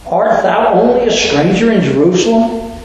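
A man's voice: high-pitched, animated, normal speed, darkish tone, voice pushed up. A preacher voicing a sarcastic male traveler who mocks a stranger for not knowing the news. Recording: very echoey room.

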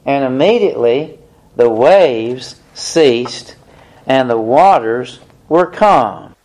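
A man preaching a sermon, reading Bible passages aloud and explaining them in a deliberate manner. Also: medium pitch, lively intonation, a little mellow.

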